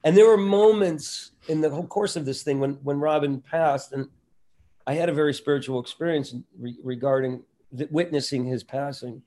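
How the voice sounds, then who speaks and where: Casting: middle-aged male comic guest, a bit high-pitched, lively and self-deprecating. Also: normal speed. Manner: animated, self-deprecating, slips into voices. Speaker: comedian and impressionist guest. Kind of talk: casual interview talk.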